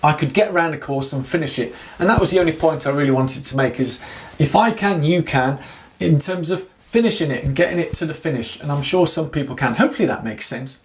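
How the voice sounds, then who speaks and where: A man's voice: on the high side, a little fast. A man recording a casual running vlog, talking to his viewers in a rambling way with lots of fillers and restarts. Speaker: running vlogger. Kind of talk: casual video diary talk to viewers.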